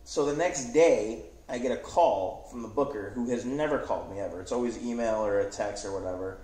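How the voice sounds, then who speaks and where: A man's voice: fairly low pitch, a little fast, dark tone. Man telling a rambling comedy-club story. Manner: rambling, self-deprecating, full of likes and I go. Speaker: guest comedian. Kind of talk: casual storytelling. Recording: roomy podcast room.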